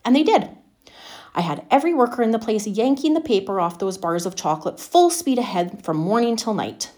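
A woman's voice: medium pitch, lively intonation, brisk, darkish tone, close to an everyday voice. A woman reading as a bragging factory-owner dad. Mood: boastful. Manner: chatty, bragging storyteller. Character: boastful middle-aged male factory owner, indulgent father.

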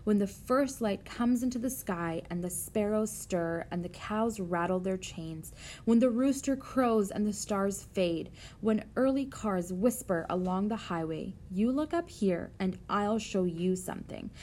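A woman voicing a wise, gentle female barn spider, speaking calmly and softly. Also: medium pitch, a little slow, a little hiss or hum, lightly acted. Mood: tender.

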